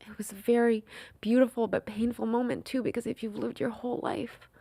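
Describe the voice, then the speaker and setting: A woman in her thirties is talking candidly as a podcast guest, with a gravelly edge to her voice. She tells personal stories earnestly and lets her voice sink to a hush in the tender parts. The recording is dry and close. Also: on the high side, no room sound. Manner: earnest, emotional storytelling, softening to near whispers. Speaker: guest, film writer and director.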